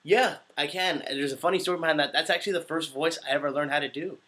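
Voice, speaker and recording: A voice actor in his twenties fields questions on a casual livestream, talking fast in a slightly high, pushed, bright voice. He rambles with giggles and jokes at his own expense, his voice a touch sick.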